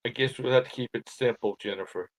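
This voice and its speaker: A man's voice: mid-range voice, fast talker, no echo, rough recording. A man co-hosting a live stream, chatting in a laid-back, wry way. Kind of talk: casual live-stream chat.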